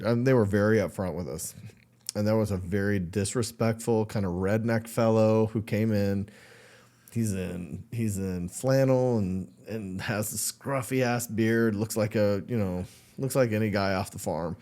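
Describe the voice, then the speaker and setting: A man co-hosting a casual podcast, telling a long story with lively asides and low, quiet voices for the people he quotes. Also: unhurried. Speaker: podcast co-host.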